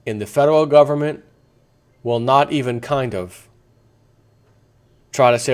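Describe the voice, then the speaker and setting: A male vlogger delivers a combative political rant, firing off rhetorical questions and rambling through crude asides. He mocks his targets and slips into sarcastic quoted voices, speaking at medium pitch and normal speed with frequent pauses.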